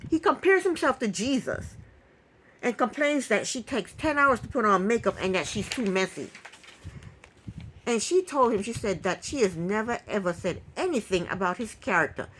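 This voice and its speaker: A woman recapping a reality TV episode in casual talk, opinionated and indignant, with quick asides. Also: mid-range voice, animated, a bit bright, slight background noise, poor audio.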